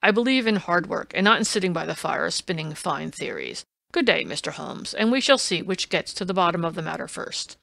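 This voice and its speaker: A woman voicing a brash, blustering male police inspector in an audiobook, loud and insistent. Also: fairly low pitch, big pitch swings, fairly quick, creaky, few pauses, dry recording, exaggerated voice. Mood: indignant. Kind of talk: audiobook reading.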